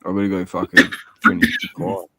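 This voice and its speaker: A man mumbling a quiet, casual goodbye to a friend. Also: low voice, huge pitch swings, a little fast, no echo. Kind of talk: casual chat.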